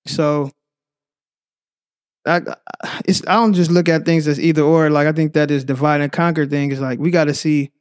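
A young man from the Bay Area with a Bay Area accent, talking in a slangy, rambling, animated way as a podcast guest. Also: a little high, normal speed, long pauses, clear, resonant tone, no room sound, studio quality. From San Francisco Bay Area. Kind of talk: casual chat.

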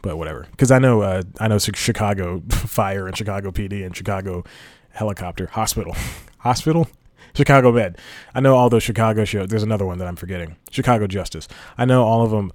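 A man's voice: fairly low pitch, quick pace, a little mellow, no room sound. A man hosting a casual solo podcast, rambling and laughing at his own jokes. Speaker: podcast host.

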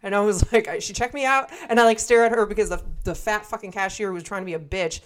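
A woman's voice: medium pitch, fairly even intonation, fast talker, a little hiss or hum. A woman in her twenties casually telling a story on a podcast, blunt and swearing freely as she acts out what everyone said. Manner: blunt, heavy swearing, acts out quoted dialogue. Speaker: podcast co-host.

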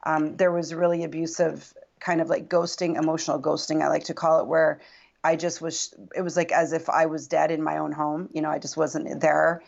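A woman's voice: low voice, level tone, moderate pace, creaky, dull audio. A woman guest recounting a personal story in earnest, reflective casual conversation. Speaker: podcast guest.

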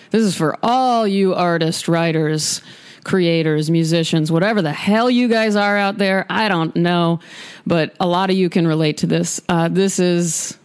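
A woman podcast host in her studio, chatting candidly and emphatically between poetry readings. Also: lowish voice. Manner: candid, emphatic, self-deprecating. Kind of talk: casual chat and poetry reading.

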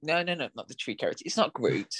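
A man from England co-hosting a casual film podcast, joking around and chiming in with quick agreement. His pitch swings widely as he talks. The sound is close and dry. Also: dry recording. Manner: lively, jokey, quick agreeing interjections. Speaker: podcast co-host. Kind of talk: casual film review chat.

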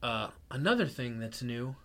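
A man's voice: mid-range voice, very animated, normal speed, crowd noise. A young man co-hosting a podcast, playful and upbeat, plugging the show's site and sponsor. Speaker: podcast co-host. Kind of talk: casual banter and read sponsor plug.

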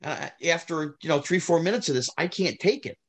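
A middle-aged man, telling stories in a casual interview, animated, climbing high when heated and trailing off low. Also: brisk. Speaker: guest, former child actor.

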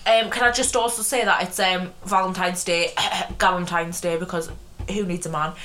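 A woman's voice: lowish voice, fairly even intonation, moderate pace, fairly bright tone, a little hiss or hum. A young woman with a Northeast English accent, co-hosting a podcast in blunt, giggly casual chat. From Northeast England. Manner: chatty, blunt, giggly banter. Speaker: podcast co-host.

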